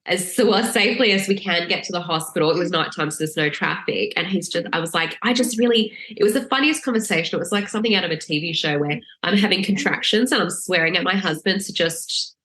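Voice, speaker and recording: A woman telling her birth story as a podcast guest, lively and laughing, acting out the lines she quotes in a raised voice. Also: lowish voice, fast, few pauses, echoey room. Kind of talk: casual storytelling.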